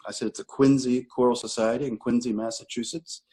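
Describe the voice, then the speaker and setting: A man's voice: medium pitch, a little fast, hardly any pauses, warm tone, breathy edge, poor audio. An older man, a retired choral director, telling long rambling anecdotes in an interview, correcting himself as he goes. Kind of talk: relaxed interview storytelling.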